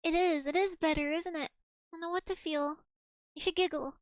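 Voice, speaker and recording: Young woman, very high voice, dry close mic, giggly animated streamer chat. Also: moderate pace, no room sound. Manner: giggly, animated, mock-dramatic. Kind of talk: casual chat reading old messages to chat.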